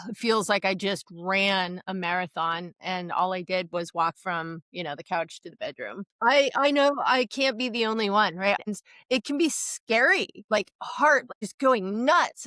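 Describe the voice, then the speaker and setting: A podcast co-host, a middle-aged woman, talks candidly and profanely in a casual conversation, often poking fun at herself. The recording is dry, and her medium-pitched voice has a slightly bright quality.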